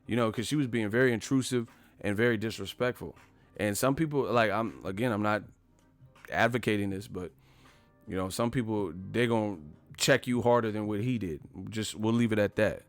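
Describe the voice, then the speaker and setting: A man's voice: lowish voice, moderate pace, soft background music. A man hosting a boxing live stream, talking casually and profanely, retelling stories with acted-out quotes. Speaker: boxing channel host.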